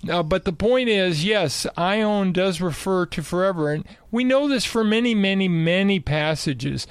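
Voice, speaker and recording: A man explaining Bible passages in conversation, emphatic and animated. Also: high voice, unhurried, smooth, no room sound. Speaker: Bible teacher guest.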